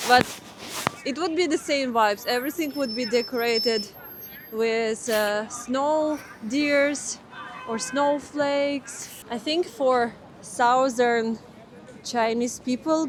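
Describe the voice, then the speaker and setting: A young Russian woman vlogging outdoors in winter with a Russian accent, chatting casually, exclaiming in wonder and hunting for English words. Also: a little high. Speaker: travel vlogger. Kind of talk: casual travel vlog narration. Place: outdoors in a snowy city, in winter. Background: background music.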